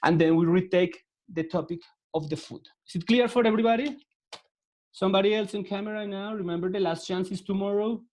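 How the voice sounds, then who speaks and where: Latin American teacher with Spanish accent. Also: male voice, high voice, fairly quick, a little mellow. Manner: patient, repeats words, gives step-by-step instructions. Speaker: English teacher. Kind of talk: online class instruction. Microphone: video call.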